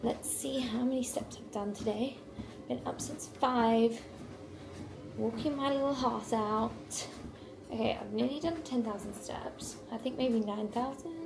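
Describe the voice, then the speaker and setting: A woman's voice: on the high side, creaky, noisy background. A woman vlogging casually at home while walking on a walking pad, chatty and rambling, on a small wireless mic. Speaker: lifestyle vlogger. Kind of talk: casual vlog chat to camera.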